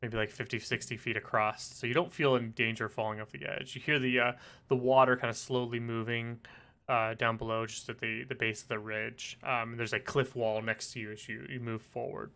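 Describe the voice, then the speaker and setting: A man running a tabletop game as game master, narrating the scene in a relaxed way with frequent fillers. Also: medium pitch, fairly quick, gravelly.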